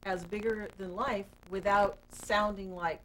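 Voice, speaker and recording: A woman's voice: medium pitch, steady tone, unhurried, fairly bright tone, a little hiss or hum, rough recording. Talk show host woman asking earnest questions. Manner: earnest questions, laughs easily. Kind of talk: studio talk show interviewing. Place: local TV studio.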